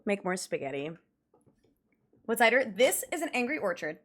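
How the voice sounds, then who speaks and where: A woman's voice: mid-range voice, big pitch swings, normal speed. A young woman streaming, chatting casually and rambling through a story with lots of fillers and giggles. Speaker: livestreamer. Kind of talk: casual livestream chat with viewers.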